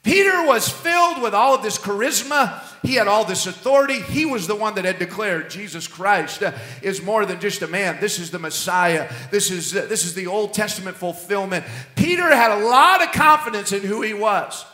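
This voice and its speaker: A male senior pastor preaching a sermon, animated and emphatic, swinging between loud bursts and quiet asides. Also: sits high, moderate pace, echoey room.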